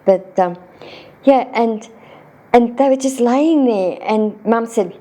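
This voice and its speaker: An Australian woman telling childhood stories in a relaxed interview, lifting her voice when quoting her younger self. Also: fairly high pitch, slow. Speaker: interview guest. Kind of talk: storytelling in casual conversation.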